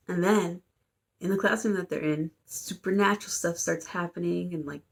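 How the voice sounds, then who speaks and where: A young adult woman giving a casual, rambling plot recap, full of fillers and little asides. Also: lowish voice. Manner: rambling, filler-heavy, amused. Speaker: YouTuber.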